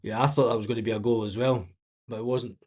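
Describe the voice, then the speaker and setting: A man's voice: medium pitch, fairly even intonation, fast, darkish tone. A man giving blunt, exasperated live match commentary as a watch-along host, swearing freely and laughing often.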